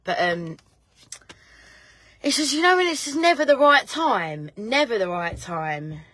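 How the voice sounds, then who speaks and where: A chatty woman, rambling casually and swearing as she talks. She sounds relaxed and easygoing, and her laughs break into her lines. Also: fairly high pitch, measured pace, no echo. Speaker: host. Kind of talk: casual chat.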